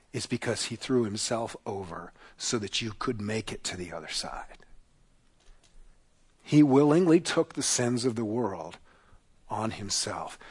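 Male pastor, sermon delivery, husky tone, dramatic storytelling with hushed emphasis. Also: fairly low pitch. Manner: dramatic retelling, dropping to a hush on key lines.

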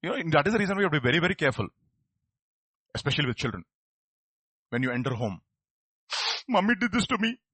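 A man's voice: a little high, sing-song, racing, long pauses, sharp tone, husky, no room sound. A man preaching a sermon, asking his listeners rhetorical questions. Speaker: pastor.

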